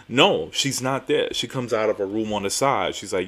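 A young man with a low voice tells a story on his podcast. He talks casually and with energy, swears freely, and drives his points home by repeating them. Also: normal speed, few pauses. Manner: animated, profane, self-mocking, emphatic repetitions. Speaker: podcast host.

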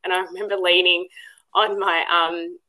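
A woman's voice: on the low side, little pitch movement, moderate pace, sharp tone, rough recording. A woman guest on a podcast, telling a personal story casually, with many ums and restarts. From Western Australia. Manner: chatty, full of ums and restarts; acts out quoted dialogue in a livelier voice.

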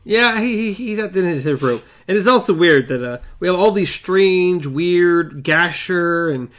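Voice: medium pitch, normal speed. A co-host chatting casually about a novel and reading passages aloud. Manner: chatty, animated, laughs easily. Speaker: co-host and reader.

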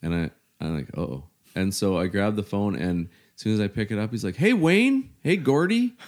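A middle-aged man from Canada, telling his story in casual, halting conversation, full of "you know" fillers. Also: deep voice, steady tone, dark tone.

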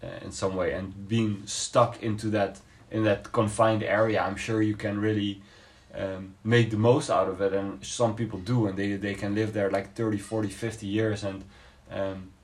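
A man with a fairly low voice explains his ideas slowly in a casual podcast debate. He pauses often, reaches for words, and restarts his sentences as he thinks aloud. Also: little pitch movement. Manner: thoughtful, hesitant, many fillers and restarts. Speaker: podcast co-host.

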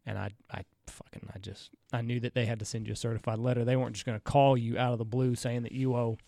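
A man, a podcast co-host in casual chat, relaxed and dropping wry comments. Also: medium pitch, fast talker, vocal fry, dry recording.

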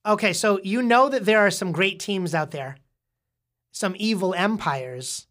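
A woman's voice: medium pitch, a little slow, fairly bright tone. A woman hosting a casual podcast, patiently explaining and quizzing a young guest, often restarting her words. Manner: frequent repeated restarts. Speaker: podcast host interviewing a young child.

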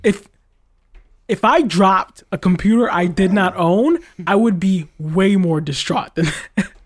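A man's voice: high voice, a little slow. Young guy ranting about tech support callers, exasperated, does mocking voices. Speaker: school tech support worker. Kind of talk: casual podcast chat.

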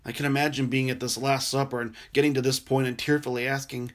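A man preaching a sermon, earnest and gentle, sometimes dropping to a soft, quiet voice for tender passages. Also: mid-range voice, level tone, fast, few pauses. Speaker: pastor.

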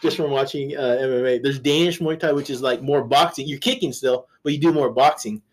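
A man of medium pitch, speaking fairly quickly, guest-hosts a podcast. In casual chat he tells rambling, profane anecdotes, restarting sentences and laughing along the way.

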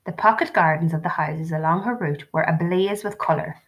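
This audiobook narrator is a woman whose low-pitched voice carries a novel in steady, even storytelling. It's scripted narration.

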